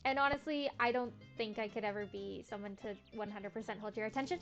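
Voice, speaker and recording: A woman's voice: on the high side, moderate pace, few pauses, a bit bright, dull audio, faint music behind. A young woman streaming a farming game, chatting in a laid-back, slangy, self-mocking way. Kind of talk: casual gameplay commentary.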